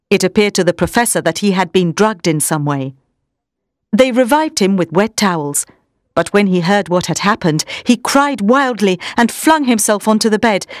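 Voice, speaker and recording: A woman's voice: medium pitch, no room sound, clean studio sound. Woman reading a classic story aloud. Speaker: narrator. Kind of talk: storybook narration.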